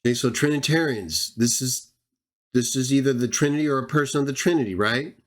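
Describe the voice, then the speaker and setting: A man hosting a Bible channel, giving combative verse-by-verse scripture commentary, sarcastic and speaking straight at his opponents, stretching out the verses he reads for emphasis. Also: mid-range voice. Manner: drawn-out emphatic reading of verses. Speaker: Bible teacher and channel host.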